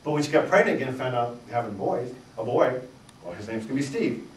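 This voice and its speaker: A middle-aged man giving a humorous talk before an audience, spinning animated, self-mocking stories. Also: medium pitch, fast, reverberant, distant mic, slight background noise, rough recording. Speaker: speaker. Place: live event room with audience.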